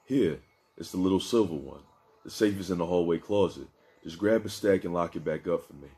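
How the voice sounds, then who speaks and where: A man voicing a laid-back, generous man in a wheelchair who talks in easygoing street slang, with a deep, mellow voice. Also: brisk, close to an everyday voice.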